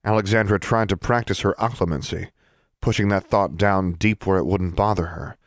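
A man with a very deep voice reads a fantasy novel aloud at a steady, even pace. The recording is dry and close, with no room sound. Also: moderate pace, no room sound. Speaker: narrator. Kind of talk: audiobook narration.

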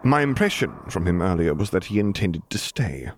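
A man's voice: low voice, sing-song, normal speed, slight background noise. A man reading a story, voicing a formal, dogged admiral in his sixties who speaks with stiff politeness. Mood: polite. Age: 60s.

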